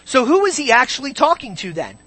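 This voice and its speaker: A preacher giving a verse-by-verse Bible teaching, emphatic, slowing on key words and asking many rhetorical questions. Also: high voice, sing-song, pushed and bright, slightly rough, dry recording.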